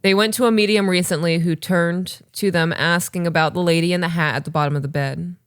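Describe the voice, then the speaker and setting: A woman in her thirties co-hosting a podcast, reading listener stories and chatting casually, animated and swearing freely. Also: on the low side, fairly quick, clear, resonant tone. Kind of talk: casual chat and story reading.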